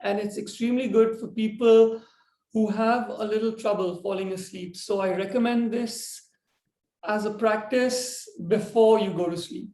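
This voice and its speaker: A man's voice: high voice, moderate pace, roomy sound. Tired man teaching a yoga breathing lesson. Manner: relaxed, rambling explanation with fillers. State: yawning, tired.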